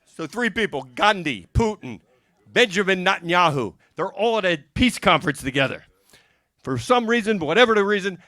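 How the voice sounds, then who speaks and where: A man with a high, very lively voice tells stand-up jokes one after another, slipping in quick character voices. His tone is bright and forceful. The sound is dry and close, with little room echo. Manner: rapid-fire joke delivery with character voices. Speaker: stand-up comedian. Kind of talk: stand-up joke telling. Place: music and arts center stage.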